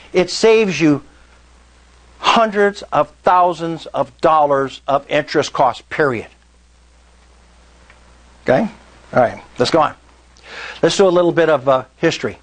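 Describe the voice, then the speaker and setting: A man's voice: high-pitched, rough recording. A man giving a live real estate seminar talk, telling stories and asking the audience questions. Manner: animated storyteller, asks the room questions. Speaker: meetup speaker.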